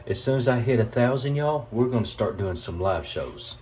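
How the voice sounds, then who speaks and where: A man's voice: mid-range voice, expressive, normal speed, darkish tone, a little hiss or hum. A man with a Southern US accent hosting a casual cooking vlog from his home kitchen, chatting folksily to viewers and calling them y'all. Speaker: cooking video host.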